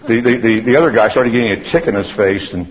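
A man's voice: fairly low pitch, fast talker, background noise. A man giving an anecdotal lecture in a loose, conversational storytelling manner, often restarting his sentences. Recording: dull lo-fi recording.

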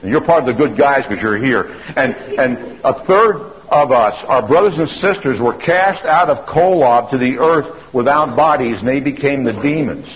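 A man's voice: medium pitch, expressive, normal speed, few pauses. A man giving an anecdotal lecture in a loose, conversational storytelling manner, often restarting his sentences. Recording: dull lo-fi recording.

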